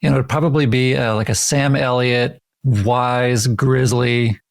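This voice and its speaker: A man's voice: mid-range voice, fairly even intonation, a little slow, creaky, dry recording. A man co-hosting a podcast in a casual chat, playful and joking, often restarting his sentences. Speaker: podcast co-host.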